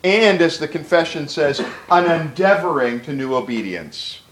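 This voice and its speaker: A man's voice: a little high, expressive, moderate pace, a bit bright, echoey room, a little hiss or hum, poor audio. A man preaching a sermon to a room of pastors, emphatic and conversational, with repeated words for stress.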